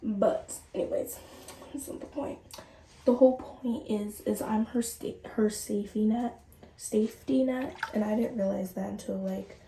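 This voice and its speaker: A woman's voice: medium pitch, a little slow, slight background noise. A woman in her late teens chatting to viewers in a casual storytime while doing her skincare. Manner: chatty, animated, addresses viewers directly. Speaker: vlogger. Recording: roomy and distant from the mic.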